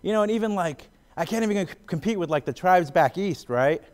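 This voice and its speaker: A comedian from the Gila River area of Arizona, he does a stand-up set before talking as an interview guest. His high-pitched voice is expressive and fairly quick. He chats freely, packs in fillers, and laughs between his jokes.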